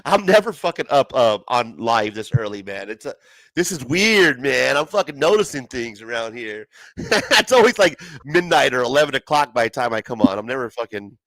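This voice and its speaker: A man's voice: mid-range voice, very animated, moderate pace, a bit bright, no echo. A middle-aged man hosting a livestream, chatting casually, swearing and laughing often. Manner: laughing often, profane, says bro and brother. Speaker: livestream host. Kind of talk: casual chat.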